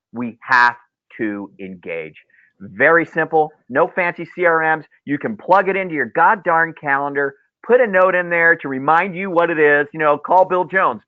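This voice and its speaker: This man's slightly high voice comes through a tinny, dry, phone-like line without echo. He is a mortgage loan officer leading a sales coaching webinar for loan officers, an animated storyteller who keeps repeating key phrases.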